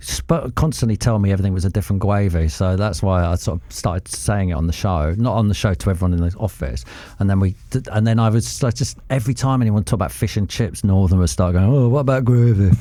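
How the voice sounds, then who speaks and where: A man with a southern English Mockney twang chats and jokes his way through a podcast, setting little quiz questions for the others. His voice sits fairly low, and the sound is dry and close with no room around it. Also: fast, few pauses, dark tone, no room sound. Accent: Mockney, south of England. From southern England. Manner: jokey, quiz-setting banter. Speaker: podcast co-host. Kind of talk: casual chat.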